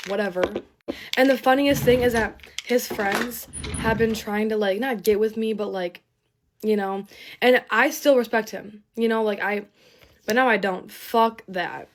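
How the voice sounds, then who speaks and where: A young woman telling a get-ready-with-me story time, rambling, swearing and venting. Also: medium pitch. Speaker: TikTok storyteller.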